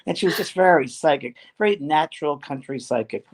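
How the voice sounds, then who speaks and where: A man's voice: a little high, animated, brisk. A man co-hosting a spiritual talk show, telling stories in an earnest, rambling way. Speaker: co-host.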